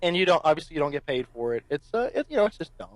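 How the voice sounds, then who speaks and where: A man with a slightly higher voice co-hosts a casual podcast, rambling through explanations and swearing offhandedly. His sound is dry and close to the mic. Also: very animated, rapid-fire, no echo, low-quality recording. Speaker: podcast co-host.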